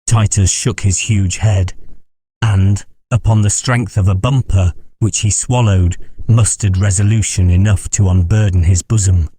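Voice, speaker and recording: A man reading a classic novel aloud as an audiobook narrator, measured and steady. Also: on the low side, slightly rough. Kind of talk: scripted narration.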